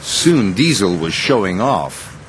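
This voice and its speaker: Slow, expressive male storybook narrator. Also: on the low side, slight background noise. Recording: narration over clear music.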